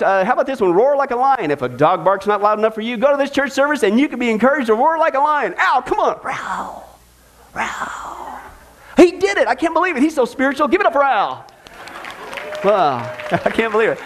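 A man teaching a Bible study, mocking and joking with loud exclamations. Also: high-pitched, a little hiss or hum. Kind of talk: recorded Bible study talk.

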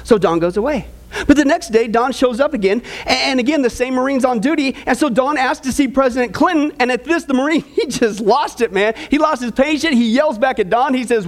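A man preaching as pastor, telling jokes and bantering with his audience in an animated way. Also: extremely high pitch, a little fast. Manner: animated, jokey, tosses in audience asides. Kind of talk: joking sermon.

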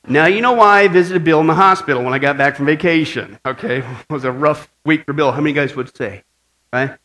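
A man's voice: fairly high pitch, fairly quick, slight background noise. A man preaching a sermon as pastor, opening with a long joke and checking in with "right?" and "okay?" after nearly every line. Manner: lively storytelling, frequent "right?" and "okay?" asides.

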